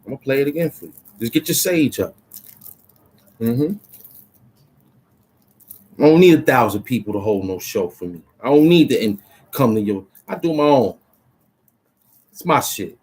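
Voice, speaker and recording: A man's voice: medium pitch, lively intonation, moderate pace, long pauses, darkish tone, breathy edge, low-quality recording. A man, a rapper, talking in a loose, rambling monologue full of street slang and "you know what I'm saying", in a small cramped room.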